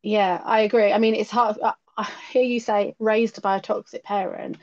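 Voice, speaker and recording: Appearing as a guest on a podcast, a woman in her late thirties opens up about personal matters, thoughtful, direct, and willing to poke fun at herself. She speaks at normal speed with fairly even intonation and a middle pitch, over muffled, lo-fi audio like that of a remote call.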